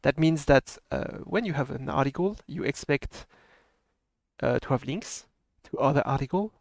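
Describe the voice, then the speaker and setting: A man's voice: fairly high pitch, animated, moderate pace, creaky, no echo. A man with a French accent, hosting a casual live stream and chatting with a laugh in his voice. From France. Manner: chatty, laughs often, mixes in French phrases. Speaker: stream host.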